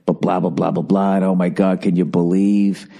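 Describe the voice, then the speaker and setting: A man mimicking a dim, gloating male sports fan in a low, dismissive singsong. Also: flat delivery, normal speed, creaky, dark tone, slightly rough, exaggerated voice. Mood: mock gloating.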